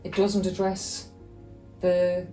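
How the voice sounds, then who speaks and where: A woman's voice: fairly low pitch, completely flat delivery, takes it slowly. A middle-aged Irish woman, a nurse, chatting casually in an interview and acting out conversations she has had. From Ireland. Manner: chatty, acts out quoted conversations. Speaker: nurse and former weight-loss patient. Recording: echoey room with faint music.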